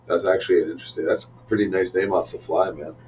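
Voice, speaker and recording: A man's voice: low-pitched, fairly even intonation, fast talker, darkish tone, far from the mic, a little hiss or hum. A Canadian man with a Canadian accent chatting casually as a podcast co-host, laid-back and amused. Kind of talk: casual chat. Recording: dull sound from off mic.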